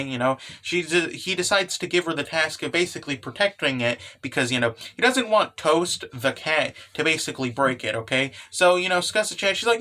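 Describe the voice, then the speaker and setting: A young man casually recapping a comic, energetic and swearing, with lots of fillers. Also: a little high, normal speed, few pauses. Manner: energetic, swears, laughs, fillers like "you know" and "okay". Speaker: manga recap host.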